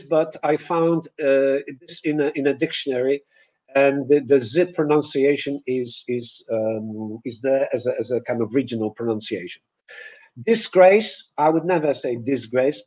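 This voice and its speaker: A man teaching pronunciation in a webinar, repeating example words one by one with frequent pauses and self-corrections. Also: on the high side, darkish tone, low-quality recording. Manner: repeats example words slowly to demonstrate sounds. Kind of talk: webinar lesson.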